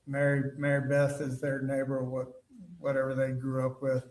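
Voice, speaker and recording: A man giving witness testimony in court, telling his story haltingly with lots of fillers and restarts. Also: medium pitch, monotone. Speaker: trial witness. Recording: roomy, distant courtroom mic.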